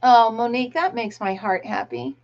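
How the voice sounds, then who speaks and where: A woman's voice: on the high side, animated, normal speed. A middle-aged American woman hosting a casual live chat, reading viewer comments aloud and laughing often. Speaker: livestream host. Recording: dull lo-fi livestream audio.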